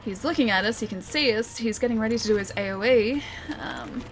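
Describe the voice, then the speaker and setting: A woman's voice: on the high side, brisk. A woman with an Australian accent streaming a game, chatting and laughing as she reads chat and calls out her moves. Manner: chatty and playful, laughs often. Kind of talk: live gameplay commentary, reading chat aloud. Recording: loud game music behind the voice. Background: loud game music.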